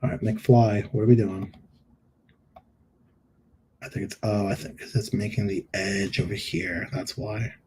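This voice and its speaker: A man's voice: on the low side, flat delivery, measured pace, long pauses, dark tone, a little hiss or hum. A middle-aged man hosting a live review, joking and thinking aloud while he edits images on screen. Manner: playful, jokey, thinks aloud while editing. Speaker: host giving live product listing reviews. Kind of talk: live screen-share critique.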